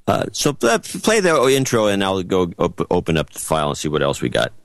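A man co-hosting a casual political podcast, reading a report aloud with sarcastic asides and halting restarts. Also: sits low, huge pitch swings. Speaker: podcast co-host.

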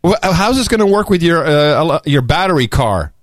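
A man hosting a podcast in casual chat, animated and mocking, often slipping into sarcastic voices. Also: fairly high pitch, fairly quick, no room sound, clean studio sound. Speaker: podcast host.

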